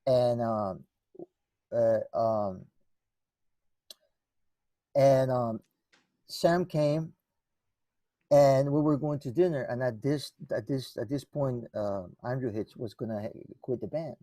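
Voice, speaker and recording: A man's voice: medium pitch, takes it slowly, long pauses, warm tone, no room sound. A man guest in an interview, telling stories in a rambling way with many restarts and acted-out dialogue. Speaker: guest musician. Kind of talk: conversational storytelling.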